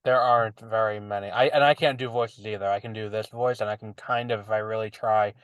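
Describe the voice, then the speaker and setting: A man's voice: on the low side, fairly even intonation, fairly quick, clear, resonant tone, no room sound. A man in his twenties with a slight lisp, co-hosting a casual podcast chat in a teasing, rambling way and laughing often. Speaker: podcast co-host.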